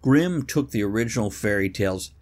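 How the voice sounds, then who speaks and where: Lively opinionated man chatting. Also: lowish voice, fairly quick. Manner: opinionated, swears freely, joking. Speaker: podcast co-host. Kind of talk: casual chat.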